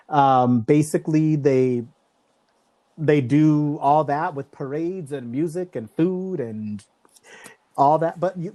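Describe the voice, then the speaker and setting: A woman co-hosting a casual podcast, her lowish voice rising and falling in lively swings. She talks at an unhurried pace, playful and quick to laugh. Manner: bubbly, laughs often, playful. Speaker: podcast co-host.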